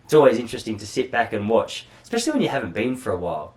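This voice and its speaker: A man's voice: mid-range voice, wildly swooping pitch, racing, a little mellow. An Australian man hosting a podcast alone, chatting in a rambling, self-deprecating way with casual swearing. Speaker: podcast host. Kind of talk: solo casual monologue.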